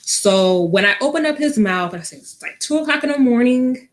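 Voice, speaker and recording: A woman's voice: fairly high pitch, lively intonation, normal speed. A young woman, a vet tech guest, telling a personal story in a casual interview with lots of ums and acted-out quotes. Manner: many fillers, acts out quoted speech.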